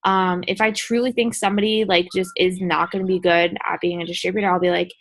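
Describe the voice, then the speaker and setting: A woman's voice: on the low side, flat delivery, fast talker, no echo. A woman giving a casual coaching talk to her sales team, chatty and full of fillers, often acting out the messages she sends. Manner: chatty, acts out message exchanges, many fillers.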